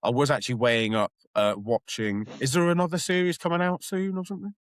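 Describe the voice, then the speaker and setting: A man's voice: medium pitch, fast talker, no room sound, studio quality. A young man, telling stories and chuckling as a podcast co-host. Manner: lively storytelling, chuckling. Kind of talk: casual chat.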